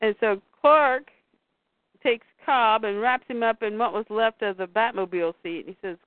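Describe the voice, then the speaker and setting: A woman with a fairly high voice co-hosts a casual chat, retelling scenes and reading lines of dialogue aloud. She sounds tinny and narrow, as if over a phone line. The sound is close and dry. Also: normal speed, no room sound. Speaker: comics podcast co-host. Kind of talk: casual chat, recapping a comic.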